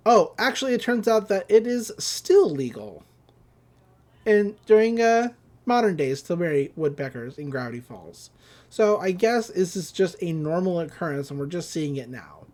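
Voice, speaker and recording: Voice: mid-range voice, animated, moderate pace, darkish tone. A podcast host casually recapping a cartoon episode, amused and rambling, slipping into quoted voices.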